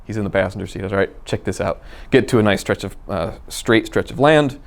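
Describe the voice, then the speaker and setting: A man telling a personal car story in a casual, animated way, acting out the dialogue. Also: lowish voice, fast talker, vocal fry. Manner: animated, acts out quoted dialogue. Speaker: guest storyteller.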